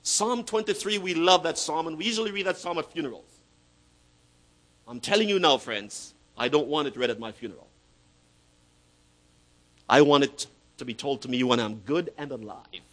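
A man preaching a sermon as pastor, swinging between loud emphatic bursts and hushed asides, stretching key words slowly for effect. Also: high-pitched, rough recording.

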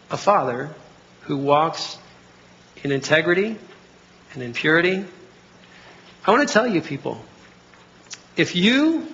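Middle-aged male pastor, animated sermon delivery, gravelly tone, muffled lo-fi recording. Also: a little high. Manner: animated, acts out dialogue in voices. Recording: dull lo-fi recording.

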